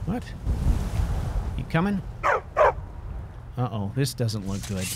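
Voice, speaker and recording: Animated, jokey man role-playing a game. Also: lowish voice, takes it slowly, heavy background noise. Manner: jokey, chatty, talks to his dog companion. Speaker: role-play gamer. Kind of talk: in-character game role play.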